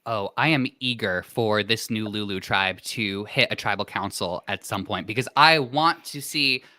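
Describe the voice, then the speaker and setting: A man co-hosting a podcast, talking in animated bursts in casual discussion. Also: fairly low pitch, moderate pace, no room sound, studio quality. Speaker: podcast co-host.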